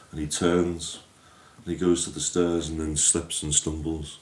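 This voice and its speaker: A man narrating a folk tale in a lively, homely way, his voice very deep and dark. He sounds a little distant from the mic, in a room with a clear echo. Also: moderate pace, long pauses, slight background noise. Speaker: storyteller. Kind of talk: storytelling narration.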